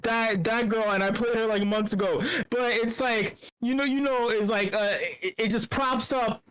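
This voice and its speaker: A young man hosts a meetup, and his voice sits high for a man. He rambles in crude, joking commentary, swears a lot and keeps restarting his sentences. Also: steady tone, moderate pace, fairly bright tone, clean tone. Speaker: meetup host.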